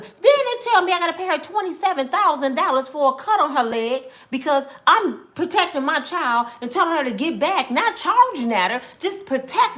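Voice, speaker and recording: A woman's voice: sits high, very animated, normal speed, few pauses, a bit bright. A woman, ranting angrily to camera, swearing and repeating herself. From Michigan, US. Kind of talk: angry personal rant.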